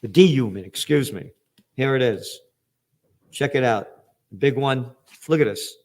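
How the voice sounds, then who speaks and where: A man's voice: mid-range voice, unhurried. A man in his seventies with a New York accent, giving a blunt, profane, combative commentary monologue as host. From United States. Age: 70s.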